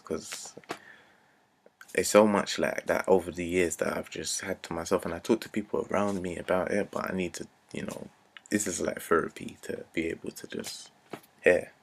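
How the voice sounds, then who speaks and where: A man's voice: deep voice, creaky, slight background noise. A man, ranting earnestly to camera, repeating himself and dropping to a near-whisper at times. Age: 20s. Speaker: vlogger. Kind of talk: unscripted rant to camera.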